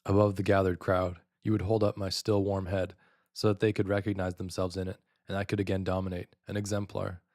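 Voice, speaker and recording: A man's voice: deep voice, flat delivery, a little fast, a little mellow, no echo, studio quality. A man narrating a first-person literary monologue in a brooding, theatrical confessional manner. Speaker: audiobook narrator.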